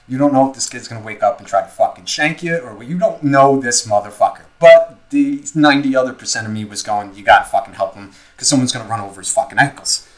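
A man's voice: mid-range voice, fast talker, hardly any pauses, rough recording. Profane young man telling a story. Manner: profane, animated storyteller, heavy filler words. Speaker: podcast co-host. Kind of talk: casual storytelling chat.

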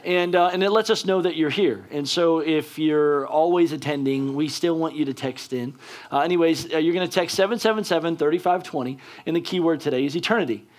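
A man's voice: fairly high pitch, fairly quick. Casual chatty male pastor. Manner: casual, chatty, filler-heavy. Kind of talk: sermon.

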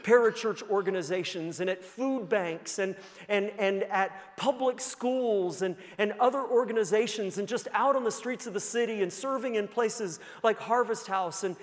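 A pastor preaching a sermon and telling a story, earnest and building to emphatic peaks. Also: male voice, high-pitched, moderate pace, few pauses. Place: church sanctuary. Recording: long church-hall reverb.

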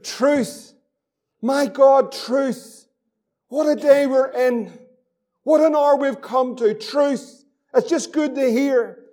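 A man's voice: very high voice, takes it slowly, warm tone. A man preaching a fervent sermon as pastor, repeating phrases and reading scripture aloud.

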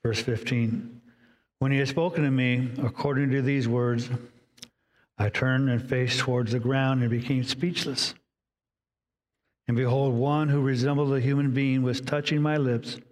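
A man preaching a sermon, reading scripture aloud and voicing inner dialogue with dramatic pauses. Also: medium pitch, in a large hall. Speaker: pastor.

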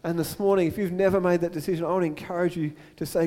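A young adult man preaching a sermon as pastor, earnest, swinging between loud urgent build-ups and slow, soft appeals. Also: high voice, fairly even intonation.

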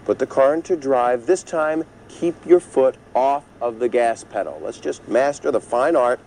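A man's voice: medium pitch, normal speed, a little mellow, a little hiss or hum, natural voice, low-quality recording. An actor playing an overprotective sitcom father, middle-aged, nervous and bossy, giving anxious driving instructions. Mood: fussy. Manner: nervous, bossy, snaps into sudden yelps. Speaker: father teaching his daughter to drive. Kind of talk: sitcom acting.

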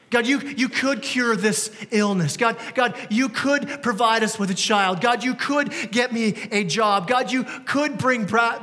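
With a high, sharp-toned voice, a pastor in his thirties preaches to his congregation in a church sanctuary. He keeps things conversational and asks many rhetorical questions, all carried on long church hall reverb.

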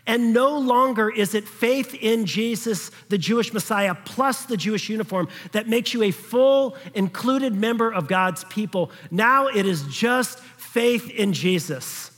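A man's voice: high voice, measured pace, few pauses, a bit bright. Male pastor preaching in a reverberant hall. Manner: conversational preaching, checks in with the congregation; acts out quoted voices in passing. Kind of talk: sermon.

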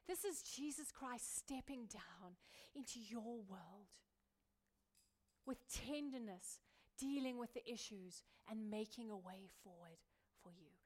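A woman pastor preaching a sermon, building through repeated phrases and dropping from loud emphasis to a hushed near-whisper. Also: on the high side, animated, slow pace. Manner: repetitive rhetorical building.

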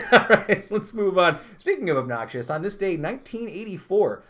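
A male podcast host with a lively, swinging pitch who keeps things loose and joking. He reads history trivia off the page in an easy, conversational way, then drops into quick asides. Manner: chatty, jokey, reads trivia aloud with asides. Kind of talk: casual chat and trivia reading.

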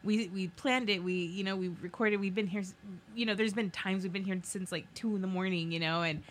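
A young woman in her twenties, a podcast co-host, talking in a halting, tearful way, laughing through tears as her voice breaks. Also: mid-range voice, fairly even intonation, slight background noise. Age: 20s. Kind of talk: emotional casual chat.

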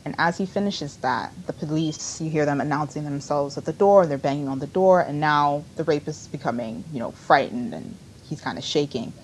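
A woman with a notably low, deep voice talks through a TV episode in a loose, rambling way. She keeps dropping fillers as she goes. A faint rumble sits under the recording. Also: a little fast, few pauses. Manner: rambling, conversational storytelling with frequent fillers. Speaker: podcast co-host recapping a TV episode. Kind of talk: casual recap chat.

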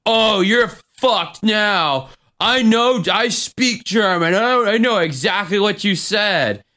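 A woman's voice: mid-range voice, animated, slow pace, fairly bright tone, voice pushed up. A man putting on the voice of a pushy, drunk young woman who shows off. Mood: smug.

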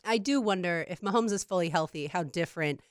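A woman co-hosting a sports talk show, giving thoughtful, steady football opinions. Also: on the low side, a little fast, dry recording, clean studio sound. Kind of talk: casual sports analysis.

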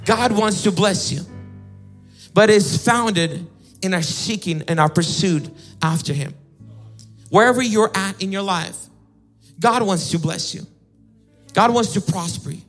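A man's voice: high-pitched, measured pace, pauses often, fairly bright tone, soft background music. A young man preaching a sermon, swinging between chatty, stammering stories and sung, chanting emphasis on key lines. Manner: chatty anecdotes with stammered restarts. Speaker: pastor.

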